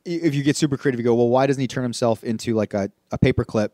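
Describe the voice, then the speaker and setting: A man's voice: medium pitch, racing, mellow, no room sound, studio quality. A man co-hosting a podcast, talking casually and rambling about a film, swearing now and then. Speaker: podcast co-host. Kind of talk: casual movie discussion.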